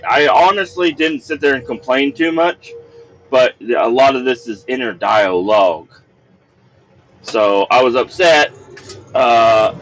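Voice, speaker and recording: A man's voice: on the high side, lo-fi sound, slight background noise. A man telling a work story as a podcast host, casual and profane, acting out what people said. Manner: profane, animated storytelling, acts out quoted dialogue.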